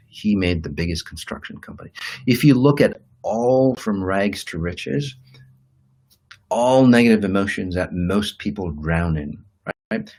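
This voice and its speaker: A man's voice: low voice, a little mellow, slightly rough, poor audio. A man giving a rambling motivational talk as a self-help teacher, with many fillers and restarts, acting out quoted inner voices. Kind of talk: motivational talk to an online audience.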